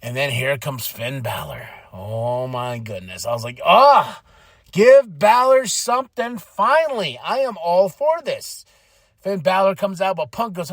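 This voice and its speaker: A man hosting a podcast, recapping wrestling in a casual, excitable monologue and quoting people in quick voices. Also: a little high, dry recording.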